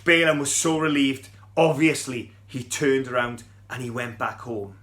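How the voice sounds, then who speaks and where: A man's voice: medium pitch, steady tone, moderate pace, fairly bright tone. A middle-aged man, telling a Bible story to children in a chatty, playful way and asking them questions.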